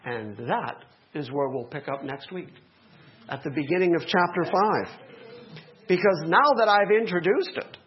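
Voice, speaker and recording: A middle-aged man preaches with a high voice that swoops up and down. He delivers his sermon with energy and drops joking asides to the congregation. The recording sounds dull and lo-fi. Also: animated, a little slow. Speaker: pastor.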